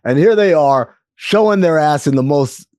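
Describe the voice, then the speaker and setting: A man hosting a sports podcast, talking in animated, teasing banter. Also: fairly high pitch, moderate pace, dry recording, studio quality. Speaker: podcast host. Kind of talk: casual sports talk.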